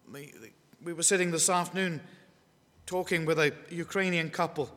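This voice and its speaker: An English-accented man preaches with a high, bright, forceful voice. He stresses his words, repeats them and keeps asking the congregation questions. A long reverb rings through the hall around him. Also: fairly even intonation, normal speed. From England. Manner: emphatic, repeats key phrases, asks the congregation questions. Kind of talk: evangelistic sermon. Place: church hall.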